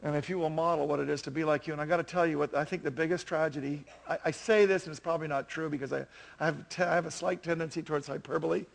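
Man in his fifties, pastor, chatty sermon, high voice, gravelly edge. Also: rapid-fire. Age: 50s. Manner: chatty, self-deprecating, animated storytelling.

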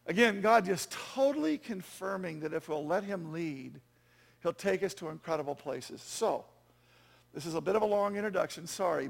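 Gravelly high-voiced male pastor. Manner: conversational, self-deprecating, with asides like "right?". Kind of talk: sermon.

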